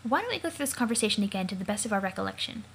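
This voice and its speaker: A woman voicing a calm, knowing young woman who patiently explains, for a let's play of a comic. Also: medium pitch, rapid-fire, gravelly, slightly rough, full character voice, poor audio.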